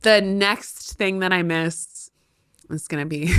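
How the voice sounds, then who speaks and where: Slow-talking, heartfelt woman host. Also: lowish voice, a bit bright, smooth, dry recording, studio quality. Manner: heartfelt and self-deprecating, laughing often. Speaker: podcast host, former teacher. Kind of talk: candid monologue.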